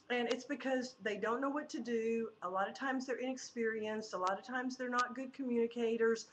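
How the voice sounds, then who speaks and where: A woman hosting a talk show, agreeing emphatically and giving gentle advice. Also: fairly high pitch. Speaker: host. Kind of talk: casual talk show chat. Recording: noisy background hiss.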